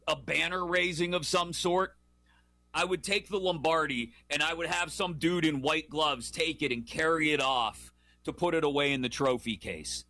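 A man hosting a sports talk show, giving his opinions in an animated, jokey and emphatic way. He sounds like he is in his thirties or forties. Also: a little high, no room sound. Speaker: sports podcast host.

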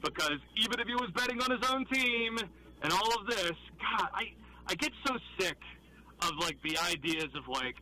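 A man who is a guest on a sports radio show, talking in a raspy morning voice with quick, opinionated chat. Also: high voice, poor audio. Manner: animated, rapid opinionated talk.

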